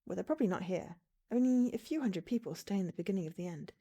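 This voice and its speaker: A woman's voice: medium pitch, lively intonation, fast talker, mellow, voice pushed down. A woman voicing a cheery, ageless lost soul in purgatory, chatty and bubbly, over faint game music. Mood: breezy. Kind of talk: reading a visual novel aloud.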